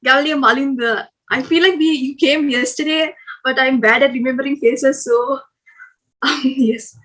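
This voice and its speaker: A woman's voice: high voice, steady tone, normal speed, fairly bright tone, low-quality recording. A young woman hosting a game on a video call, chatty and encouraging with frequent laughs. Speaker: game host at club orientation. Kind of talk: lively online game hosting.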